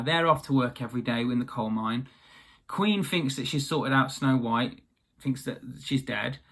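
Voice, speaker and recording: A man's voice: medium pitch, a bit bright. A young man casually retelling a fairy tale, chatty and rambling with offhand asides.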